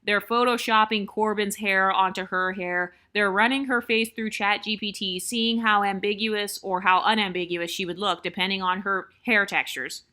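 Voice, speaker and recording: Bright-voiced woman giving blunt commentary. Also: mid-range voice, steady tone, moderate pace, few pauses. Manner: blunt, emphatic, repeats points for stress. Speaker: vlogger. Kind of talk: opinionated commentary reacting to online comments.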